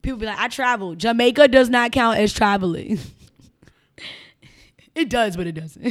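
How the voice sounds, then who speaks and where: A woman with a Chicago accent, a guest on a casual interview podcast, telling stories in an animated, emphatic way. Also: a little high, normal speed. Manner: animated, emphatic storyteller who slips into mimicked voices.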